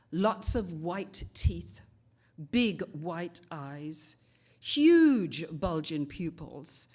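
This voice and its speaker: A woman in her sixties from England, giving a homily as a congregation member, telling a personal story in a slow, measured way. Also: lowish voice, warm tone. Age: 60s.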